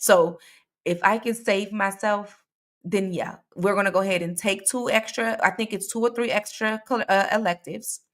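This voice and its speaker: A woman hosting a true crime show, chatting casually and live with her viewers, laughing often and calling out to them as y'all. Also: mid-range voice.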